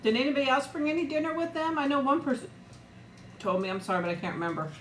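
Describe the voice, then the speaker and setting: A woman's voice: high-pitched, fast talker, reverberant, a little hiss or hum. A middle-aged woman chatting casually on a live eating stream, greeting viewers by name and laughing often. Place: room at home. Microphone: new external mic, close.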